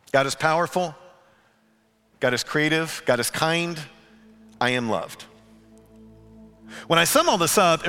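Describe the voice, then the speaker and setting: A middle-aged man preaching a sermon, moving between hushed, earnest tones and lively storytelling. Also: a little high. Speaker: pastor.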